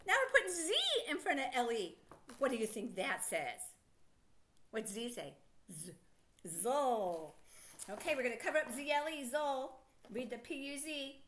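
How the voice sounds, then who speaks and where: A middle-aged woman teaching a children's phonics lesson, sounding out words slowly and asking encouraging questions. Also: high-pitched, sing-song, a bit bright, slight background noise.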